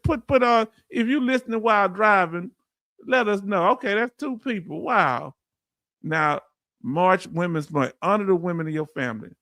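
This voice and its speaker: A man hosting a casual livestream, reading viewer comments aloud and giving heartfelt shout-outs. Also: a little high, dry recording, studio quality. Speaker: livestream host.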